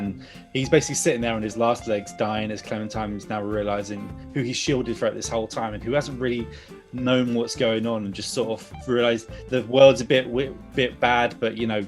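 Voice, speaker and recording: A man in casual panel chat about games, rambling and emotional, often laughing. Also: on the low side.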